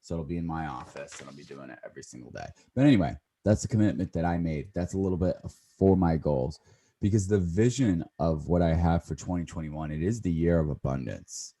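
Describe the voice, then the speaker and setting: A man in his thirties with a very low, husky voice chats casually on a podcast. His tone is mellow and dark. He rambles, backtracks and corrects himself as he talks. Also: a little fast. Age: 30s. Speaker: podcast co-host.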